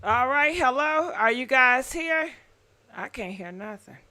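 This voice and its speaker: A high-pitched woman hosts a live call-in show. She talks slowly and chattily, with a bright, sharp tone. She keeps calling out to her callers and apologizing. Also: animated. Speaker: host.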